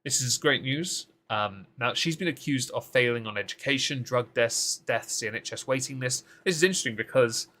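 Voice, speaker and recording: A man chatting through the week's political news on a live stream, heavy on sarcasm and dry mockery. His voice is bright and forceful, right up on a desk microphone. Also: mid-range voice, fairly quick, hardly any pauses. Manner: sarcastic, mocking asides. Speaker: co-host of a political recap show.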